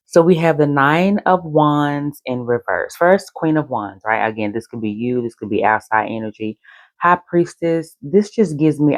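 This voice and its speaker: A tarot reader hosting a recorded reading, talking playfully in a drawn-out sing-song way while thinking aloud over the cards. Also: medium pitch, no room sound.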